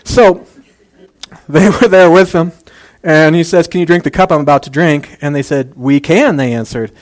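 Chatty male pastor with a higher voice. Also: normal speed. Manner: jokey, chatty asides with many fillers. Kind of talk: casual conversational sermon.

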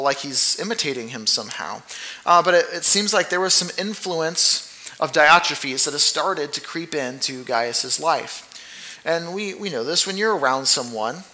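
A man preaching a casual, conversational sermon, animated and joking, with frequent fillers and restarts. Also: a little high. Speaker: pastor.

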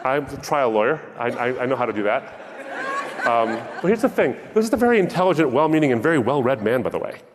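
A man with a medium-pitched voice gives a talk that sounds like a sermon, animated and wryly humorous as he acts out both sides of a conversation. His voice carries the long reverb of a large hall. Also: a little fast, crowd noise, background noise. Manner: animated storytelling, wry humor. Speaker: speaker.

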